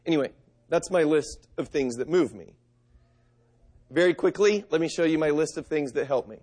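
A man's voice: a little high, lively intonation, moderate pace, pauses often, a little mellow. A middle-aged man preaching a sermon, reading scripture and telling stories in an earnest, conversational way. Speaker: pastor.

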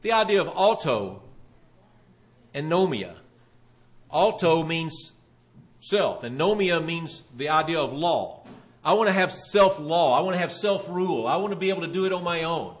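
Man, preacher, sermon, animated storytelling, swooping pitch, slightly high voice. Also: normal speed. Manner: animated storytelling, voicing the questioners.

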